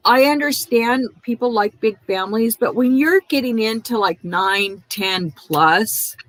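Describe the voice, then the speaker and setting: A woman's voice: fairly high pitch, lively intonation, measured pace, fairly bright tone, poor audio. Blunt woman chatting on a livestream. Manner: blunt, opinionated. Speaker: livestream host. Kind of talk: casual livestream chat.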